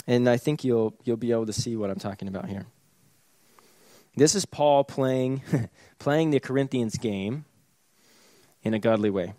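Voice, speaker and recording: A man's voice: mid-range voice, measured pace, long pauses, mellow, no room sound. Casual, conversational male preacher. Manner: conversational preaching, sarcastic asides, chuckles. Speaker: pastor. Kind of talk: sermon.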